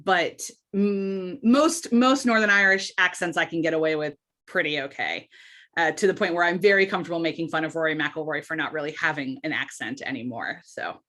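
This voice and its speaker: Chatty woman podcast guest. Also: deep voice. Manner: animated, chatty, quick asides and laughs. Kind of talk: casual interview conversation.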